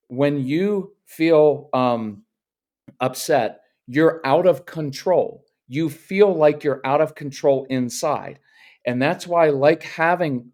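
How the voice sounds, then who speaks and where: A man's voice: a little high, a little mellow. A man who is a guest parenting coach, giving advice and animatedly acting out parent and child voices in his examples. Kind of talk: casual interview advice.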